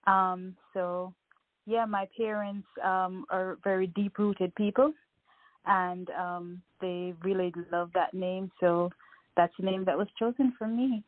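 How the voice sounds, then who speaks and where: A woman from Jamaica, a wellness coach, answering interview questions in a soft-spoken way. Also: medium pitch, steady tone, takes it slowly, no room sound, phone-quality sound.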